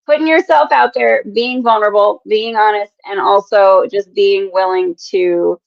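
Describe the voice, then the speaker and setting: A woman's voice: mid-range voice, steady tone, moderate pace, creaky, no room sound. Effusive woman co-host, lo-fi dry sound. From South Dakota, USA. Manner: effusive, gushing praise. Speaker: podcast co-host. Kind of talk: casual podcast chat.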